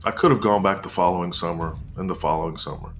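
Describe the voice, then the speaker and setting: Man, 40s, deep voice, reflective personal monologue with pauses, faint music behind. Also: creaky. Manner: measured, reflective, with pauses and restarts. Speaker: storyteller.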